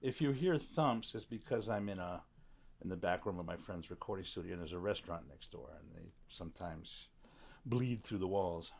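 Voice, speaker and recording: A man's voice: low-pitched, expressive, moderate pace, darkish tone. A man speaking as a podcast guest in a studio back room, reflective and wry, with a teasing humor. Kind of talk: casual conversation.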